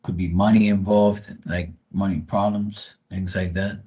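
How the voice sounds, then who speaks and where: A man's voice: deep voice, level tone, a little slow, dark tone, husky. A man giving tarot readings on a casual live stream, joking, rambling and swearing freely.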